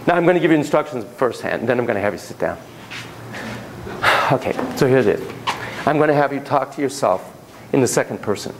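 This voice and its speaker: A male lecturer teaching child psychotherapy to a classroom, his delivery animated and shifting between hushed, low-pitched asides and emphatic bursts. He talks in a mid-range voice and often repeats his phrases for effect. A faint background hiss sits under the recording. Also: brisk, long pauses. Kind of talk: classroom lecture with a volunteer demonstration.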